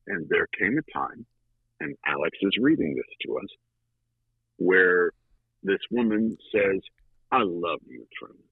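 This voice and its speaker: A man guesting on an interview show, telling a story in a lively conversational way with dramatic pauses. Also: low voice, creaky, breathy edge, no echo. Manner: animated, with dramatic pauses and fillers. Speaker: guest, audiobook narrator. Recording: tinny phone-like line.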